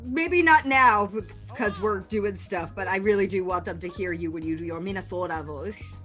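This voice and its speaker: A woman's voice: mid-range voice, normal speed, bright, forceful tone, soft background music. A woman hosting casual chat in an enthusiastic, gushing way.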